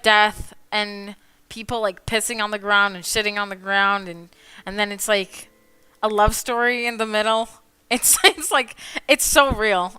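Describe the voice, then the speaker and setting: A woman's voice: medium pitch, smooth, dry recording. A woman streaming her drawing, chatting casually, swearing freely and laughing a lot as she rants in mock outrage. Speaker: artist streaming while drawing. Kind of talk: casual chat. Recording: soft music behind the voice.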